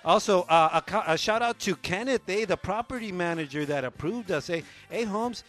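High-voiced joking radio host. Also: male voice, brisk, fairly bright tone, soft background music. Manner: playful, joking, tags lines with "eh?". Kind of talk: casual radio banter and shout-outs.

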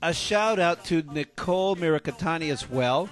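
Chatty middle-aged radio co-host. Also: male voice, on the high side, moderate pace, faint music behind. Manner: chatty storyteller, often restarts his sentences. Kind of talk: casual radio banter.

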